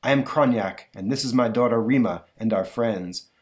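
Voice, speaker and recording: A man's voice: medium pitch, moderate pace, lightly acted. A man voicing a wise old scientist-ruler from a comic, formal and declaiming. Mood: stately.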